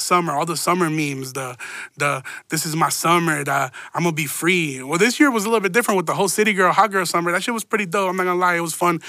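A man's voice: sits high, pushed and bright, no echo, studio quality. A man hosting a podcast, telling stories in a rambling, profane, laid-back way full of slang. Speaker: podcast host. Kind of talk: casual solo podcast storytelling.

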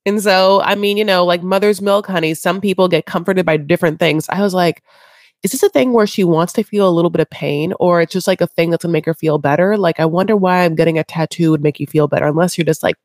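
Low-ish voice woman rambling a show recap, dismissive, dry mic. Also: fast talker, darkish tone, dry recording. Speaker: podcast co-host. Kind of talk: casual recap chat.

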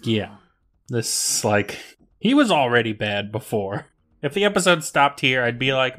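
A man's voice: mid-range voice, very animated, measured pace, a bit bright. A man co-hosting a podcast, chiming in with short, laid-back remarks in casual chat. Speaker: podcast co-host.

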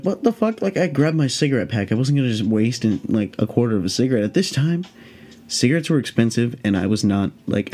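Man, late twenties, lowish voice, podcast host, rambling casual story, swears a lot, animated. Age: late 20s.

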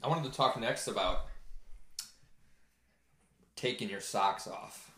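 Easygoing man hosting, lowish voice. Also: takes it slowly, vocal fry, sharp tone, roomy sound. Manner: easygoing, short interjections. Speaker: podcast host. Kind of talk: casual interview chat.

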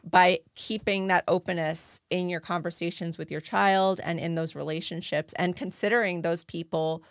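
Woman podcast guest, gravelly low voice, casual chat, dry close sound. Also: steady tone, moderate pace, no room sound. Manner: agreeable, filler-heavy, restarts sentences. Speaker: guest, advocate.

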